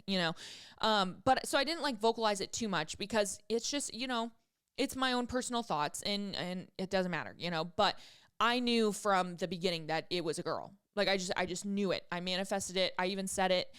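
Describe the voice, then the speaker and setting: Woman in her 30s telling her story on her podcast, smooth clear voice, swears a lot, very dry close sound. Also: mid-range voice, lively intonation, moderate pace, a bit bright, no room sound. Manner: candid and emphatic, swears freely. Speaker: podcast host. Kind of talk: casual storytelling.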